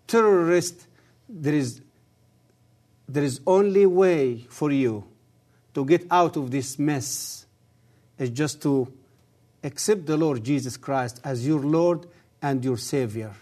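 Earnest man in halting English. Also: on the high side, a little mellow. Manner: halting, non-native English grammar. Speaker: guest. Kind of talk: earnest testimony and appeal.

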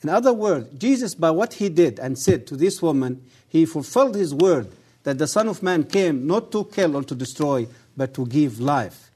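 A man, a guest on the program, giving an earnest testimony and appeal in halting English with non-native grammar, measured and solemn. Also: fairly high pitch, lively intonation, a little mellow, slightly rough.

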